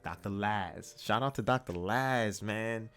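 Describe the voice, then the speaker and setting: Low-voiced man telling a story casually. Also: unhurried, soft background music. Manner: animated, chatty, acts out quotes. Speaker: vlog host.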